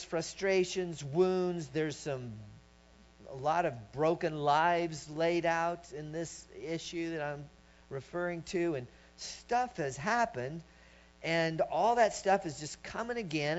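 Preacher guy telling a story, kinda high voice, dull lo-fi sound. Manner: storytelling, swelling to shouts when acting out his story. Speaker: pastor. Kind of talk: sermon. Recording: dull lo-fi recording with mains hum.

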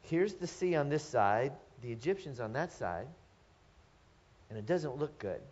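A man's voice: medium pitch, expressive, a little slow, a little mellow. A middle-aged man preaching a sermon to his congregation. He speaks earnestly, often poses rhetorical questions and restarts his phrases. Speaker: pastor. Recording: dull lo-fi sermon recording.

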